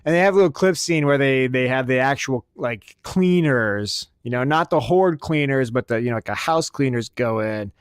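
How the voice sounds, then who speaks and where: A man's voice: medium pitch, normal speed, few pauses, smooth, dry recording, studio quality. A man hosting a podcast, ranting crudely and sarcastically and swearing constantly. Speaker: podcast host. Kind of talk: profane comedic rant.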